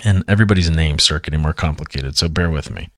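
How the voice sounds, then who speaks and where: A man reading a short story aloud in hushed tones, stopping now and then to chat about it. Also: a bass voice, fast, noisy background. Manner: quiet, hushed delivery. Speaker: story reader. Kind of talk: hushed late-night story reading with casual asides.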